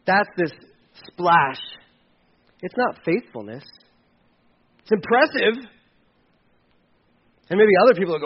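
High-voiced preacher with sweeping dynamics. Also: male voice, big pitch swings, slow, long pauses, breathy edge, highs cut off. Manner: dynamic, swings from loud high emphasis to quiet low asides; acts out quoted voices of churchgoers. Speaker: pastor. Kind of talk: sermon. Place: church.

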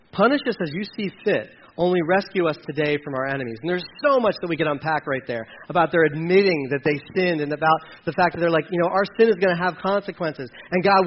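High-voiced man preaching a sermon. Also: highs cut off, slight background noise. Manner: conversational, reads verses aloud, many fillers and restarts. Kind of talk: sermon teaching from scripture.

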